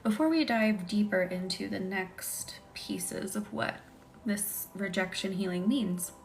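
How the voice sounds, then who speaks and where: A woman leading a live energy-healing session, calmly guiding affirmations, slipping into soft whispers and chatting with viewers from home. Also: medium pitch, measured pace, background noise. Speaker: Reiki healer. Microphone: phone on a live stream. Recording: music playing behind.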